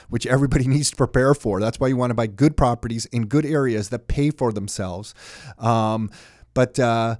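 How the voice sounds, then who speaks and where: A man's voice: medium pitch, a little mellow, no room sound, studio quality. Chatty man co-hosting a podcast. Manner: chatty, rambling with fillers and restarts. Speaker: podcast co-host. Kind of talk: casual podcast chat.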